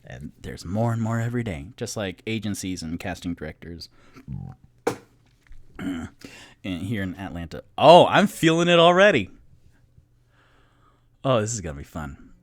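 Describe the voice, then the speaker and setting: A man's voice: low-pitched, lively intonation, normal speed, pauses often, a little mellow, dry recording. A young man from North Carolina with a light Southern accent, chatting casually and rambling as a podcast host. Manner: rambling, self-interrupting, jokey. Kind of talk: casual tipsy chat to an audience.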